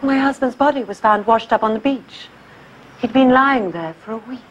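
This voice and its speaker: An actress playing a deadpan widow hiring a private eye in a detective spoof. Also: female voice, fairly high pitch, moderate pace, dull audio, a little hiss or hum, close to an everyday voice.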